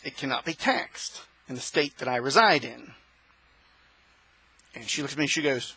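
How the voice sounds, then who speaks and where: A male host delivering an impassioned opinion monologue, preaching and rising to shouts. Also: medium pitch, lively intonation, moderate pace, long pauses, breathy edge, poor audio.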